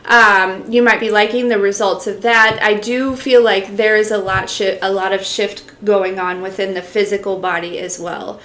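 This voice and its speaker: A woman's voice: mid-range voice, fairly even intonation, normal speed, hardly any pauses, a bit bright, reverberant. A woman giving a casual live-stream channeled message as an intuitive reader, rambling with lots of fillers, talking straight to her viewers and answering their comments.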